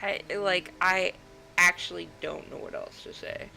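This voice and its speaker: A woman's voice: fairly low pitch, fairly even intonation, measured pace, vocal fry, bright, forceful tone, soft background music, poor audio. A woman gaming creator casually ranting and laughing over gameplay, rambling and swearing freely.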